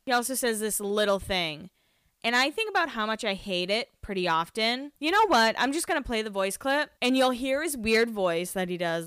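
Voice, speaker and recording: Chatty young woman podcast host, smooth voice. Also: medium pitch, lively intonation, moderate pace, fairly bright tone, dry recording, studio quality. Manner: chatty, gossipy, laughs often. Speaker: podcast host recapping a reality show. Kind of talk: casual chat.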